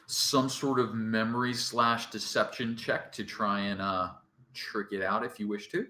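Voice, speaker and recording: A man narrating a tabletop game as dungeon master, relaxed and quick to laugh. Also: lowish voice, reverberant.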